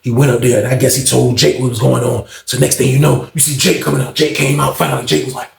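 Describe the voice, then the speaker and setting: Gravelly-voiced man telling a story. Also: mid-range voice, fast, roomy sound. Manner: animated, slangy, acts out the other people in the story. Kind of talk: casual storytime monologue.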